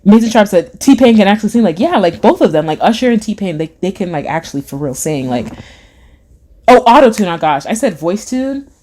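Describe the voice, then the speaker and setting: A woman's voice: very animated, a little fast, mellow. A young adult woman chatting casually on a live stream, reading out comments from her chat and laughing often. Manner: chatty, giggly, acts out voices with big pitch swings.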